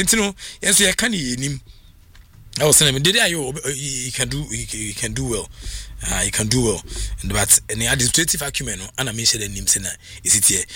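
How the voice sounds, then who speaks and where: A man with a Ghanaian accent presenting football talk on radio, animated, switching between languages. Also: on the high side, dry recording. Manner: animated, mixing languages, frequent laughs. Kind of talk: radio sports commentary.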